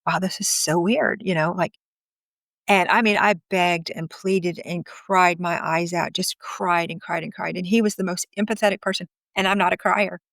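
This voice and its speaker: A woman's voice: on the low side, fairly even intonation, moderate pace, vocal fry, fairly bright tone, no echo. A middle-aged woman candidly recounting an emotional personal story, acting out past conversations as she goes. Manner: emotional, candid, quotes others in dialogue. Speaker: guest telling her story.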